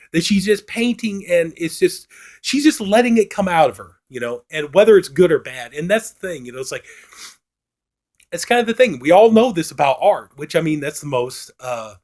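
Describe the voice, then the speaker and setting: A man's voice: high voice, lively intonation, moderate pace, a little mellow. A man reviewing a film, retelling its plot in a casual, rambling way full of filler phrases.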